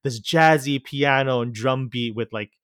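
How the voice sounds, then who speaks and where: A man's voice: medium pitch, a little slow, a bit bright, clean tone, no echo. Man chatting casually, dry sound. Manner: meandering, laughs easily while explaining. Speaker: podcast co-host. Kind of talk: casual podcast chat.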